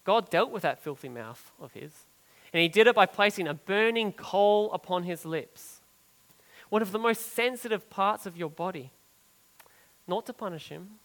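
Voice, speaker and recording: Pastor, male, high-pitched, earnest sermon delivery that swells and then hushes. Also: in a large hall, rough recording. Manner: earnest preaching that swells for emphasis and drops soft and low on key phrases.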